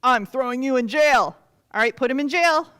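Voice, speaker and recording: A woman voicing a stern male king who scolds loudly and emphatically. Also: high voice, animated, smooth, no room sound. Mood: scolding. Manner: loud and emphatic, slow scolding.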